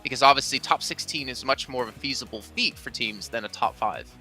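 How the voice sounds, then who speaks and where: A man's voice: mid-range voice, brisk, bright, forceful tone, soft background music. A man hosting an esports analysis desk, putting questions to his analysts in an upbeat way. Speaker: desk host.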